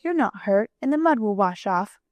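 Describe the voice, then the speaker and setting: A woman voicing a kind, cheerful aunt who speaks gently in a storybook. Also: mid-range voice, expressive, normal speed, no echo, lo-fi sound, natural voice. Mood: soothing. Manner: gentle, soothing.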